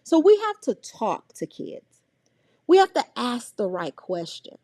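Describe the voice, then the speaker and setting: A middle-aged woman, teaching a parenting workshop in an animated way and acting out the voices of scolding adults and children. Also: a little high, measured pace, dry recording, studio quality. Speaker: early childhood trainer.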